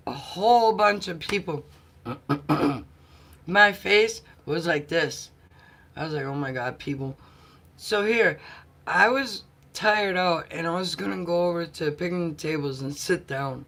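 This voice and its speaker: A woman vlogger chatting casually with her viewers and telling stories, often clearing her throat and laughing softly. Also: on the low side, unhurried. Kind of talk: casual live chat.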